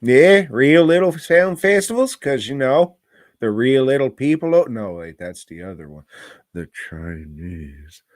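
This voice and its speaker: A man's voice: medium pitch, big pitch swings, a little slow, darkish tone, no room sound, clean studio sound. A man co-hosting a movie review podcast, rambling and joking in casual, profane banter sprinkled with "mate" slang.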